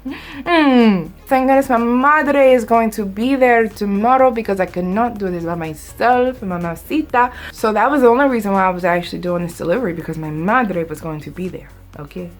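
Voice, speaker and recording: A woman vlogger telling a dramatic story in a casual, animated, conversational way. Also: medium pitch, a little fast, few pauses, faint music behind.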